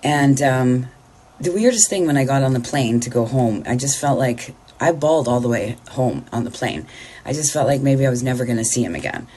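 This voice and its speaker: A woman's voice: a bass voice, lively intonation, a little fast, dark tone, slightly rough. A middle-aged woman telling a personal story in a candid, blunt way, swearing freely.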